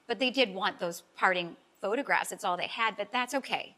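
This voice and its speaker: A woman's voice: mid-range voice, fairly quick, few pauses, pushed and bright. A middle-aged woman, a life coach guest, telling an emotional personal story in a talk-show interview, earnest and heartfelt and close to tears at times.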